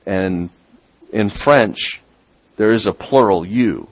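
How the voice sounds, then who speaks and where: A man preaching a sermon as a pastor, getting excited and repeating words as he builds up. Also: lowish voice, takes it slowly, no room sound, highs cut off.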